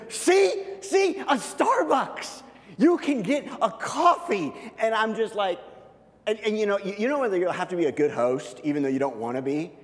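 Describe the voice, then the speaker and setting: A man in his thirties preaching a sermon, telling a personal story with lively, animated voice jumps. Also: high-pitched. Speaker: pastor. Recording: long hall reverb.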